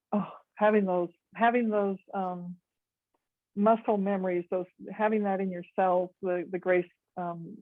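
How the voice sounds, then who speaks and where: An American woman giving a gentle, thoughtful talk on conflict resolution to a meditation group, with many pauses and ums. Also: medium pitch, no room sound, narrow, tinny audio. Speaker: guest speaker on conflict resolution.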